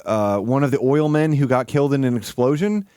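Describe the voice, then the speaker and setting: A man's voice: medium pitch, fairly quick, dark tone, clean tone, dry recording, clean studio sound. A man streaming live, ranting casually in a rambling, profane way full of "like". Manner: rambling, profane, heavy use of "like". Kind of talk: casual livestream rant.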